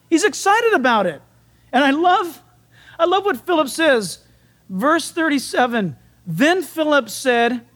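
A man's voice: very high-pitched, unhurried. A man preaching a sermon in a conversational, folksy way, acting out the voices in the stories he tells. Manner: animated, acts out biblical dialogue. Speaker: pastor.

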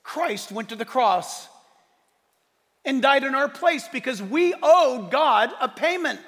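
A man preaching a sermon, animated and joking, slipping into playful voices for the characters he describes. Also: extremely high pitch, a little slow. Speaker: pastor. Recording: hall reverb.

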